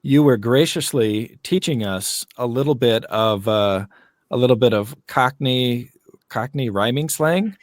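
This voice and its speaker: American man, mid-pitched voice, dry close sound, laughing co-host. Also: a little slow, no echo. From United States. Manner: laughs often, asks questions. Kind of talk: casual video chat.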